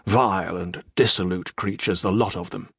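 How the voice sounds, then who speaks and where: A man's voice: deep voice, steady tone, moderate pace, gravelly, a bit bright, slightly rough, no room sound, studio quality, voice pushed down, heavily acted. A man voicing a stern, commanding young male naval officer with a clipped British accent. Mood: disdainful.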